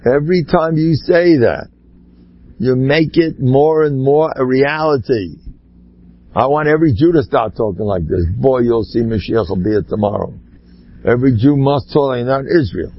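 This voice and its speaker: An older man giving an animated religious talk, full of Hebrew and Yiddish words, swinging from low murmurs to high cries. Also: muffled recording. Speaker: speaker giving a Torah talk.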